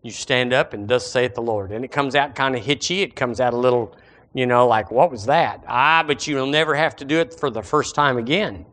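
A man preaching a sermon as pastor, animated and acting out the voices of his listeners. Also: medium pitch, a little fast.

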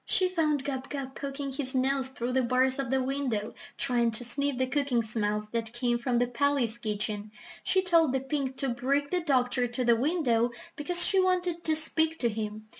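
A woman narrating a children's storybook in a clear, even manner. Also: high voice, measured pace. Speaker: audiobook reader.

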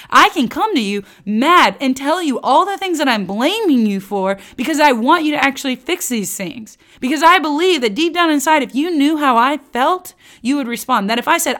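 A woman teaching the Bible on her podcast in a candid, animated, self-aware way, talking straight to her listeners. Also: high-pitched. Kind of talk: conversational teaching.

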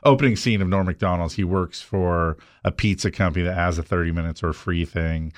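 Low-voiced man hosting a casual chat. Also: fairly quick, no echo. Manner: rambling, animated storyteller. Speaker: podcast host, mortgage lender.

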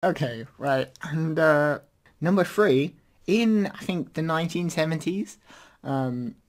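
A man's voice: fairly high pitch, slow. Rambling, hesitant male podcast host. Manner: rambling and hesitant, many fillers. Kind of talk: casual podcast chat.

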